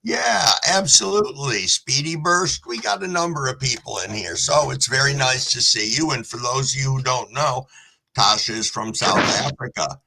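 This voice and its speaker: A man's voice: medium pitch, normal speed, vocal fry, bright, forceful tone, poor audio. A man hosting a live stream, chatting casually with a guest and cheerfully greeting viewers from the chat.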